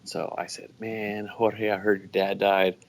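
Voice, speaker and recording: A man, a guest business owner, telling stories in a relaxed, casual way with many restarts. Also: fairly low pitch, measured pace. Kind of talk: casual storytelling.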